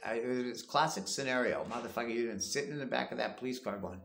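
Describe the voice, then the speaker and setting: Man, gravelly, bright edge, profane rambling rant, echoey room. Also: medium pitch, quick pace. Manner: crude, rambling, swears constantly. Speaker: vlogger.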